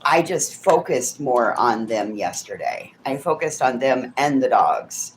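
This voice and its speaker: A woman's voice: extremely low pitch, very animated, measured pace, slight background noise. A woman chatting casually on her livestream, telling stories and swearing freely. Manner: coos softly over a child's craft. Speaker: livestream host.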